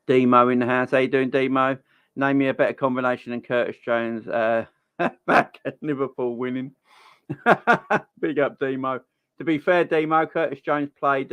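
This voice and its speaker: A man's voice: medium pitch, fairly bright tone, clear, resonant tone, no room sound, highs cut off. A man in his thirties with a Cockney accent, hosting a casual football live stream from home, chatting and greeting viewers by name. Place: home, children in next room.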